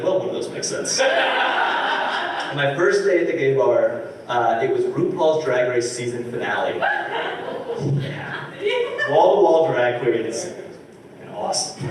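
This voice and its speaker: A man in his twenties performing a stand-up comedy set, telling stories and slipping quickly into voices for the people in them. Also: medium pitch, slight background noise. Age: 20s. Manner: storytelling with quick character voices. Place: live comedy theater stage. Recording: roomy live recording from a distance. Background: audience laughter.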